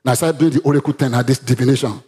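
A man with a Nigerian accent preaching a sermon, reading Bible verses aloud and breaking into sudden loud, animated rises. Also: medium pitch, very fast. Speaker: pastor.

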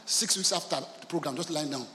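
High-voiced preacher in a reverberant hall. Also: male voice, fast. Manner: storytelling, acts out quoted voices, swings from soft to shouting. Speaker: pastor. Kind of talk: sermon.

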